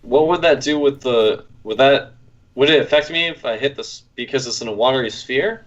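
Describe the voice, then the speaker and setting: A man playing a tabletop game, speaking slowly and deliberately and asking about the rules before he acts. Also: mid-range voice, muffled recording. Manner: slow, deliberate, asks rules questions. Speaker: player. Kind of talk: casual tabletop play.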